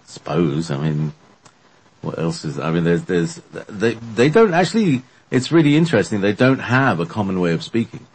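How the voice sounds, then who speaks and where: A man's voice: low-pitched, lively intonation, moderate pace, a little mellow, breathy edge. A man chatting casually as a guest, rambling and hesitant with many fillers. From Britain. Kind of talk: casual podcast chat.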